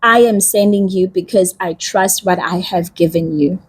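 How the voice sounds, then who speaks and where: A woman voicing God as a calm, patient male figure who reassures in plain words. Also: mid-range voice, normal speed, husky. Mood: incredulous.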